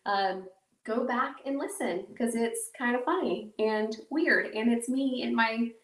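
A woman's voice: on the high side, measured pace, distant mic. A woman hosting her own podcast in a casual, rambling, self-mocking way, with lots of fillers. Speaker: podcast host. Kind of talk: casual solo podcast talk. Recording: echoey room, voice a bit off-mic.

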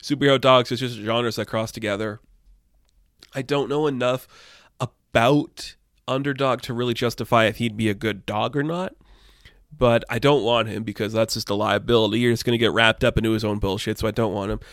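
A man's voice: mid-range voice, fairly even intonation, brisk, a bit bright, dry recording, clean studio sound. A young man talking loosely and irreverently in a casual opinion monologue, swearing now and then. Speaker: commentator.

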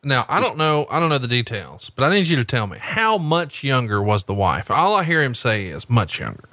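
A man's voice: mid-range voice, sing-song, brisk, pushed and bright, dry recording. A man co-hosting a podcast in casual chat, profane and wisecracking, reading rules in a mock-formal tone. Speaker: podcast co-host.

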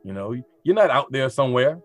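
A man's voice: mid-range voice, very animated, fairly quick, soft background music. A man who teaches art, talking casually and animatedly, often asking rhetorical questions. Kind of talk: casual podcast conversation.

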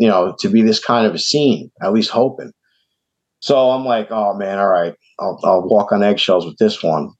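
A man from New York with a New York accent, casually telling a long story on a podcast and acting out the voices of the people in it. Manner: animated, acts out quoted voices in a higher pitch. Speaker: podcast host. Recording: dull lo-fi podcast audio.

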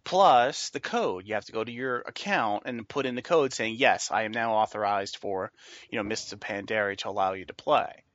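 A man's voice: on the low side, normal speed, a bit bright, no room sound. A man co-hosting a casual gaming podcast, easygoing and musing, often checking in with "you know" and "right?". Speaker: podcast co-host. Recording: dull, dry lo-fi mic.

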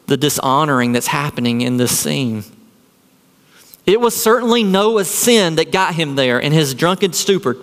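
A man's voice: a little high, fairly bright tone, long reverb tail. A man preaching a sermon as a pastor, earnest and full of rhetorical questions.

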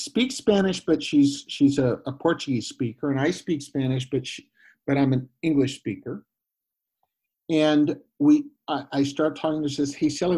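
A man, a former missionary, telling a personal story in a guest interview, animated and full of restarts and quoted voices. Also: fairly high pitch, slightly rough. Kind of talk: conversational storytelling.

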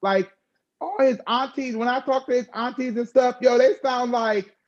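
A woman talking candidly in a conversational chat, frank and expressive with slangy asides. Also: on the high side, normal speed, highs cut off.

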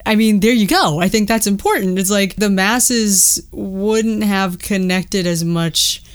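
A woman's voice: mid-range voice, unhurried, clean tone. A young woman casually talking through a movie with a co-host, chatty and full of fillers. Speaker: podcast co-host. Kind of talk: casual movie commentary chat.

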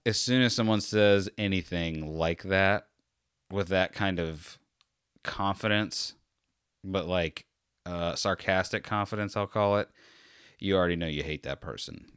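A man's voice: deep voice, a little slow, fairly bright tone, clean tone, no echo, studio quality. Tired, rambling male podcast host. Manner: self-deprecating, sarcastic, meandering. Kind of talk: rambling solo podcast talk.

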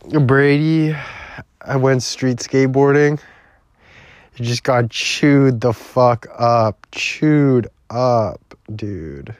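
A man's voice: mid-range voice, dry recording, clean studio sound. A young man hosting a solo podcast from his bedroom, rambling loosely and swearing constantly, sometimes dropping into a whisper. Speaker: podcast host.

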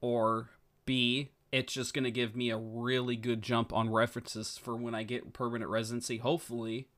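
A man co-hosting a podcast in casual, excitable chat. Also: mid-range voice, moderate pace. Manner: chatty, excitable, restarts often. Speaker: podcast co-host.

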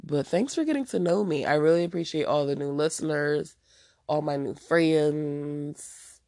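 A woman hosts her own podcast in a low, unhurried, dark-toned voice, recorded dry with clean studio sound. She has a stuffy nose and delivers a casual solo rant, blunt and profane.

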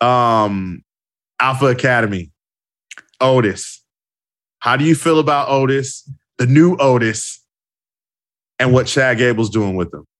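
A man's voice: medium pitch, a little slow, long pauses, a bit bright. A man with a mid-range voice talks on a casual podcast. He is emphatic and agreeable, and he repeats lines to drive a point home. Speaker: podcast co-host. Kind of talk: casual wrestling podcast chat.

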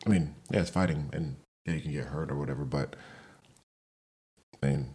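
A man chatting casually as a podcast guest, easygoing and soft-spoken, rambling with lots of fillers. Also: very deep voice, fairly quick. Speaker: guest fighter.

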